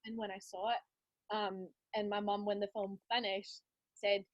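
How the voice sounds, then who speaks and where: A woman's voice: mid-range voice, level tone, moderate pace, highs cut off. A woman hosting a podcast, chatting enthusiastically and sharing her own anecdotes in a casual conversation. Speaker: podcast host.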